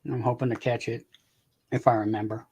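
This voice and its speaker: A man's voice: mid-range voice, flat delivery, brisk, darkish tone, slightly rough. A man chatting casually on a live stream, rambling, repeating words and swearing offhandedly. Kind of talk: casual chat.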